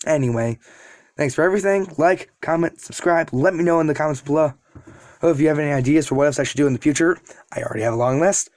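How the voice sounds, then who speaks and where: A man's voice: fairly high pitch, fast, a little mellow, no echo. Rambling man telling a fan story. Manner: rambling, self-deprecating asides. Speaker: YouTube storyteller. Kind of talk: casual storytelling.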